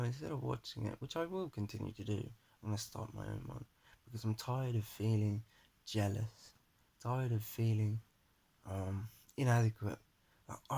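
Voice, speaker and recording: A young man speaks into his phone at home with a gravelly, husky voice. He rambles earnestly through a self-motivating pep talk, pitched a touch low. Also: warm tone. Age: young adult. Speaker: vlogger. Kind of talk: rambling personal monologue to camera. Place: his flat at home, indoors. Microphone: phone camera held in front of face.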